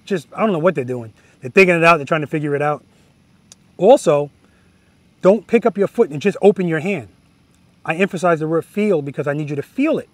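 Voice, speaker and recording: A man teaching slow-speed motorcycle skills outdoors, coaching directly and repeating key words for emphasis. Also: fairly high pitch, no echo. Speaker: motorcycle riding instructor. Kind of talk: outdoor riding lesson instruction. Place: outdoor practice lot.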